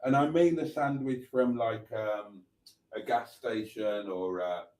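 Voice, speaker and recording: Middle-aged British male host, rambling live-stream chat, dark mellow tone, dry humour. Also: lowish voice, unhurried. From Britain. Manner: chatty and rambling, with dry jokes and mock outrage. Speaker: livestream host reading viewer comments.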